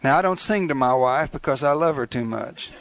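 A man's voice: medium pitch, fairly quick, fairly bright tone. An older man preaching a sermon in a folksy, conversational way, acting out little asides. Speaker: pastor.

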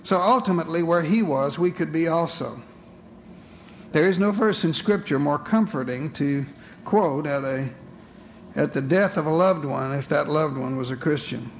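A man's voice: on the high side, moderate pace, a little hiss or hum. A man preaching a sermon to a congregation, with dramatic rhetorical questions, calling his listeners beloved.

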